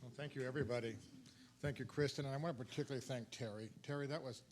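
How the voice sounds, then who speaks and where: A man's voice: mid-range voice, fairly even intonation, very fast, noisy background. A man leading a church service, giving friendly, plain-spoken announcements about prayer and giving. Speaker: service leader.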